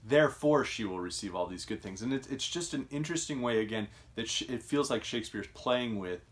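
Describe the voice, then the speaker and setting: A man's voice: mid-range voice, animated, a little fast. A man hosting a casual literary discussion, thoughtful and musing, often restarting his sentences. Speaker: podcast host.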